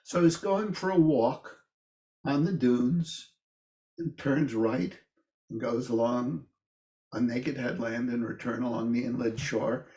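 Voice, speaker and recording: An older man teaching an informal poetry class. He talks in a thoughtful, halting way with many restarts and fillers. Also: dark tone, roomy sound. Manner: livelier and higher when reading verse aloud.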